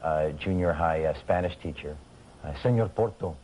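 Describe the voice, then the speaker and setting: A man's voice: sits low, normal speed, darkish tone. A man with a New York accent chatting as a talk show guest, playful and laughing often. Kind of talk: casual chat. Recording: noisy old TV tape.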